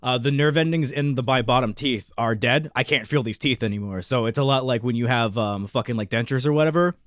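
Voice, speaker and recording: A man's voice: mid-range voice, brisk, no echo, clean studio sound. A man co-hosting a podcast, talking casually with a slight lisp, rambling and swearing. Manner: rambling, profane, hesitant. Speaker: podcast co-host.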